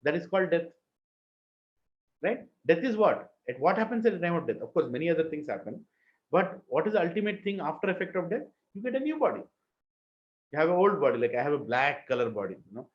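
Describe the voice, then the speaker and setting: Indian male teacher, slightly high voice, lecture style with chanted verses and questions, muffled recording. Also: sing-song, quick pace. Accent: Indian English. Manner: chants Sanskrit verses, asks the class questions. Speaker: spiritual teacher. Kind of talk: scripture class lecture.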